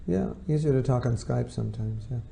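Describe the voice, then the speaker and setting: A man gives an informal spiritual lecture in a very mellow, dark voice with a gravelly edge. He talks conversationally and slips into the voices of the people he quotes. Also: mid-range voice, fairly quick, slight background noise. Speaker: spiritual teacher.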